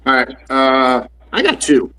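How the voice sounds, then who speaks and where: A man's voice: mid-range voice, very animated, measured pace, a bit bright, low-quality recording. Guy hosting a podcast with buddies, bouncy voice, keeps passing the mic around. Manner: laughing, hands turns to others. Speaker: podcast host. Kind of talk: casual group chat.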